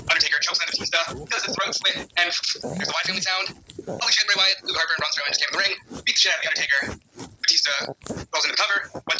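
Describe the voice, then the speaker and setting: A man hosting a casual chat, excitedly retelling a fantasy wrestling card. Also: on the high side, noisy background. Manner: fast, excitable play-by-play retelling with laughs. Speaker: podcast host presenting a fantasy wrestling card.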